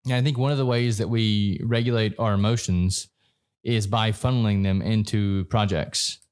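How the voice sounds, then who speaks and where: A man hosting a podcast, asking quick, curious follow-up questions in casual chat. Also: lowish voice, steady tone, darkish tone, clear, resonant tone. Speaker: podcast host.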